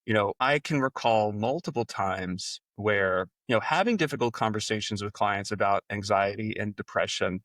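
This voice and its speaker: A man's voice: lowish voice, normal speed, hardly any pauses, no echo, far from the mic. New York man hosting a podcast. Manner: filler-heavy, animated storytelling with voiced reactions. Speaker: podcast host. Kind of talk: casual interview chat.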